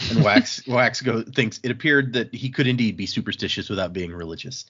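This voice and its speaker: A man's voice: mid-range voice, fairly quick, few pauses, husky, muffled recording. A man co-hosting a casual podcast, recapping a book and acting out the characters' lines as he goes. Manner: animated, acts out characters' lines while recapping. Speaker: podcast co-host.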